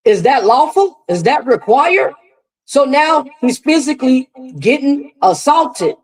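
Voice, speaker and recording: A woman's voice: sits high, big pitch swings, a little slow, poor audio. A woman hosting live reaction commentary, emphatic and repetitive, speaking straight to her viewers. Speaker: commentary host.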